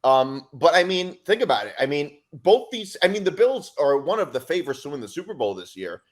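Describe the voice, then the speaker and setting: Man debating football, fast talker, animated pitch, filler-heavy delivery. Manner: quick, argumentative, lots of "I mean". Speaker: podcast panelist. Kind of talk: casual sports debate.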